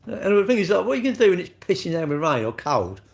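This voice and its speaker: A man's voice: high voice, big pitch swings, fast talker, gravelly. A man, chatting bluntly with viewers on a livestream, swearing freely and calling everyone mate. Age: 60s. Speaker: livestream host. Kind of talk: casual chat reading live comments.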